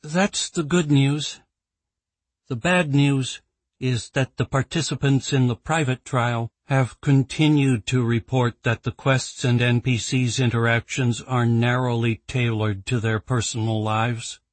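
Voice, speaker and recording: A man voicing a tired woman executive giving a formal report in an audiobook, slow and weary. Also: medium pitch, steady tone, no room sound, natural voice.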